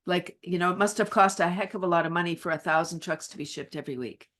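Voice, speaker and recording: A woman's voice: on the low side, fast talker, a bit bright. A middle-aged woman from Canada, a wellness advocate guest, chatting energetically in an interview and laughing often as she tells playful stories. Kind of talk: casual interview chat.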